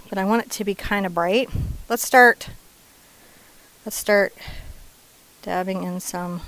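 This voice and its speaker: Woman, painting teacher, playful chatty delivery, soft asides, mid-pitched voice. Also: low-quality recording. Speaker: painting instructor. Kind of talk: casual step-by-step painting lesson.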